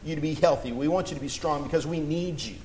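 A man preaching a sermon, earnest and building to emphatic appeals, with scripture read slowly. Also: on the high side, a little mellow, slight background noise, poor audio.

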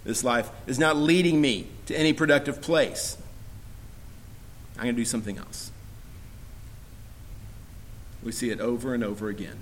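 A man preaching a sermon, earnest and building to emphatic appeals, with scripture read slowly. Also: medium pitch, slight background noise, poor audio.

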